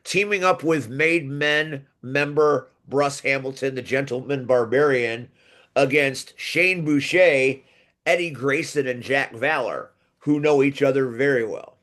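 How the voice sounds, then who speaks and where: A man's voice: medium pitch, measured pace, a bit bright. A man hosting a podcast, chatting casually and enthusiastically, rambling with restarts as he previews matches. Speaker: podcast host. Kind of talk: casual wrestling preview chat.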